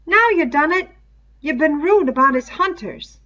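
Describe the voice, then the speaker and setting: Woman doing Piggy, a fretful high schoolboy. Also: animated, measured pace, sharp tone, exaggerated voice. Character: scared fussy schoolboy Piggy. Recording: dull lo-fi recording.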